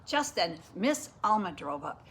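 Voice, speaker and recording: A woman reading a picture book aloud to children, lively and inviting listeners to join in. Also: mid-range voice, measured pace, a little hiss or hum. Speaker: storyteller.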